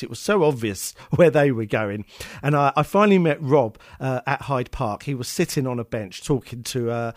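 A man's voice: fairly high pitch, dry recording, studio quality. A man, presenting a music show and telling a long, rambling personal story full of fillers and restarts. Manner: rambling, chatty, many fillers and restarts, chuckles at own jokes. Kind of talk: casual anecdotal storytelling.

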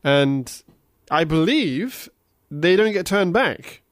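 A man with a slightly higher voice co-hosts a podcast, retelling scenes in detail with plenty of fillers. The sound is dry and close, with no room around it. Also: animated, slow pace, no room sound. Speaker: podcast co-host. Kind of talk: casual chat.

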